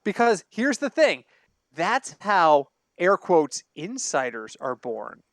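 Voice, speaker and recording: A man's voice: sits high, slow, no room sound, clean studio sound. A man co-hosting a sports podcast in casual banter, telling long rambling stories and correcting himself as he goes. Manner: rambling, animated storytelling with self-corrections. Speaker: podcast co-host. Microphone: home computer mic over online call.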